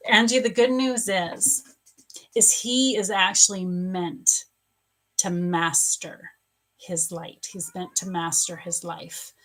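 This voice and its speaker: Slow, halting woman psychic. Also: lowish voice, fairly even intonation. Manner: slow, halting, with many pauses and fillers; gently sympathetic. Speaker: spiritual coach and psychic medium. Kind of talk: live psychic reading answering viewers' questions. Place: at home.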